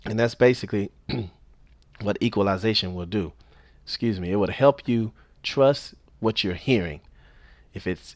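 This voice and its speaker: An instructor with a deep, low voice walks through a casual spoken tutorial in a relaxed, easygoing manner. He explains things step by step and repeats key points. The sound is close and dry, without room echo.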